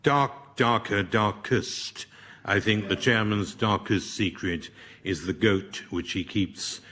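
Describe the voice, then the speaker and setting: A man's voice: fairly low pitch, slow pace. A man on a comedy panel show, speaking with dry, drawling, understated wit. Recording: noisy live show with loud audience.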